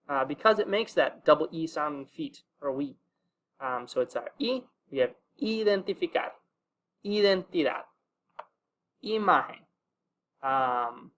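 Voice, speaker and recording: Relaxed man teaching a casual lesson. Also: a little high, a little hiss or hum. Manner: relaxed, with many fillers, slows to sound out example words. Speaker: language teacher.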